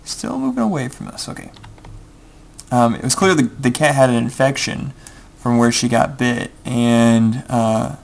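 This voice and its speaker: Rambling young man with a gravelly voice. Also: mid-range voice, lively intonation, a little slow. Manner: rambling with many ums, mutters game steps under his breath. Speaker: gameplay video creator. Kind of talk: casual storytelling over gameplay.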